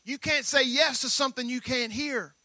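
A male pastor delivering a sermon in a high, bright, sharp voice. His preaching is emphatic and leans on repeated phrases. The sound is close and dry. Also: steady tone, moderate pace, no echo.

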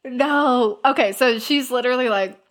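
A woman's voice: mid-range voice, a little slow, crowd noise. A woman in casual chat, animatedly retelling a story and acting out its characters' lines with laughs. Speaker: podcast co-host retelling a story.

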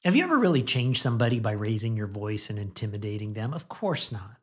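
A middle-aged man giving a conversational radio sermon, chatting gently and laughing now and then, then leading a prayer. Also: on the low side, very animated, fast, slightly rough. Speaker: pastor.

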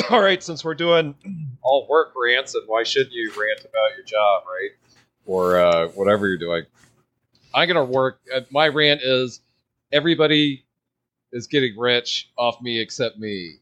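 A man's voice: mid-range voice, animated, unhurried, a bit bright. A man ranting casually on a podcast, rambling through his story with fillers and restarts. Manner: rambling, restarts with many fillers, laughs at own asides. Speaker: podcast guest.

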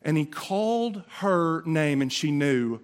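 A man preaching with a Southern US accent, his voice sitting a little higher than most men's. He talks to the congregation in a casual, impassioned way and stumbles through quick repeated restarts. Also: animated, smooth. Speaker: pastor. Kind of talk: Easter sermon.

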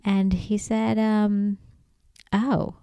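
A woman hosting a podcast alone, ranting in a casual, profane way, getting loud and emphatic as she goes. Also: mid-range voice, flat delivery, very slow, creaky, clean tone, no room sound. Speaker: podcast host. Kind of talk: casual solo monologue.

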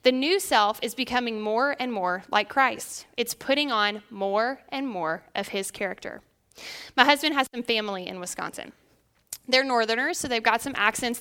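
A young woman with a Southern accent teaching a women's Bible study in an earnest, measured way, reading scripture aloud. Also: on the high side, pushed and bright, smooth.

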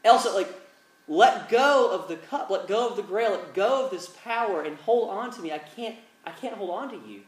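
A preacher acting out Indiana Jones, desperate. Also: male voice, high-pitched, animated, normal speed, reverberant, pitched above the performer's own voice, poor audio. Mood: pleading. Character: Indiana Jones, adventurer grasping for glory.

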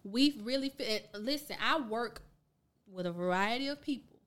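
High-voiced woman, emphatic and animated. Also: moderate pace. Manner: emphatic, acts out customer exchanges. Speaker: co-host. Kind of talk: casual podcast chat.

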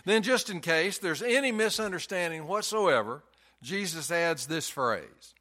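A man's voice: fairly high pitch, animated, a little slow, sharp tone. A man preaching a sermon in a folksy storytelling way, hammering points home with emphatic repetition.

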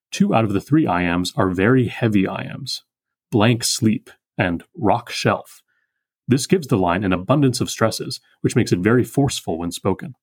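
A man hosts a poetry podcast and walks through a poem's meter in a precise, methodical way. His voice sits low and has a husky edge. He pauses to speak single lines slowly, like examples in a lecture. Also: darkish tone, no room sound. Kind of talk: close reading and metrical analysis.

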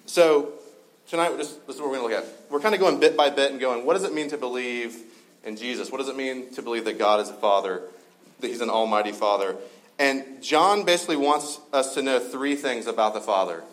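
A man preaches in an easygoing, conversational way, sprinkling fillers and dry asides as he works through a text. His voice sits at an ordinary middle pitch. He speaks to a live gathering indoors. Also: brisk, low-quality recording. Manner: relaxed, filler-heavy, joking asides. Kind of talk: conversational sermon.

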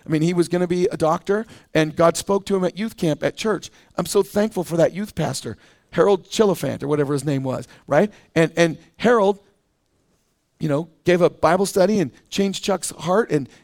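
In a church, a middle-aged pastor with a fairly high-pitched voice preaches a sermon. He's animated and conversational, often acting out the voices of those he quotes.

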